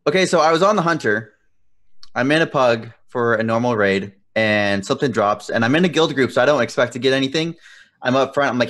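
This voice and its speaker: A young man co-hosting a casual gaming podcast, animated and profane, laughing often as he rants. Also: medium pitch, fairly quick. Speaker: podcast co-host.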